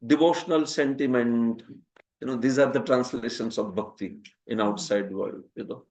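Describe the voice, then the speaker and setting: A Hindi-speaking man with an Indian accent teaches a scripture class, lecturing and asking questions, often tossing "huh?" at his students and laughing at his own jokes. His mid-range voice moves at normal speed with a darkish tone.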